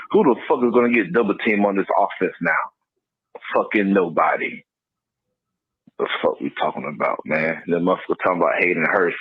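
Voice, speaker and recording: A man's voice: fairly low pitch, breathy edge, no echo. A man calling into a podcast, ranting heatedly and swearing constantly. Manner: profane heated rant. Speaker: caller. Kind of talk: call-in rant. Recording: tinny phone line.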